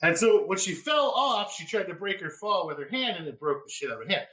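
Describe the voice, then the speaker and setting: A man spins a raucous work story in casual chat. His voice is bright and high, swinging up and down in pitch. He laughs often and shouts the quoted lines. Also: sing-song, brisk, poor audio. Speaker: podcast host; former EMT.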